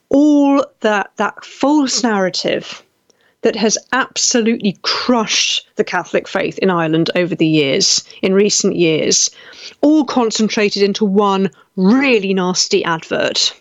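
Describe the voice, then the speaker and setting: An indignant woman hosts a live talk stream and stumbles through restarts as she reads out viewer comments. Her voice sits at a middling pitch and sounds dull and lo-fi, very dry, with no room around it. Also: no room sound. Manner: indignant, halting with frequent restarts. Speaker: talk show host reading live comments.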